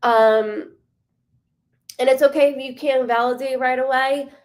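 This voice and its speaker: A woman's voice: sits high, fairly even intonation, unhurried. Chatty, foul-mouthed woman medium. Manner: chatty, swears freely; warm, greets viewers by name. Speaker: psychic medium hosting a live stream. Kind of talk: casual live-stream chat with viewers.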